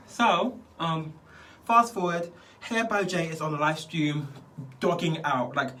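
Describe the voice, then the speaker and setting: A man's voice: fairly high pitch, slow, bright, forceful tone, recorded from a distance, a little hiss or hum. A man vlogging casually while doing his skincare, rambling and chatty and laughing often. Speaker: beauty vlogger.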